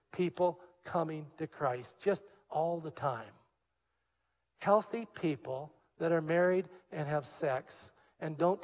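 An older man preaching a sermon as a pastor, telling a personal story with lively acted-out dialogue before turning to scripture. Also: a little high, big-room sound. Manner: animated storyteller, acts out quoted dialogue.

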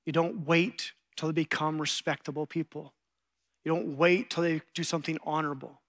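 A middle-aged man preaches a sermon, telling stories with animation and acting out the quotes. His voice is fairly high and he speaks at normal speed.

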